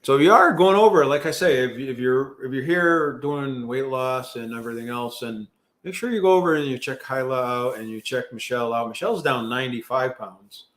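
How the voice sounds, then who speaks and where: A middle-aged man hosting a relaxed live chat, drifting from thought to thought with plenty of ums and restarts. His voice sits at an ordinary middle pitch for a man, and he pokes fun at himself as he goes. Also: a little fast. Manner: rambling, many fillers and restarts, self-deprecating. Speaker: livestream host. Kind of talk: casual live chat reading viewer comments.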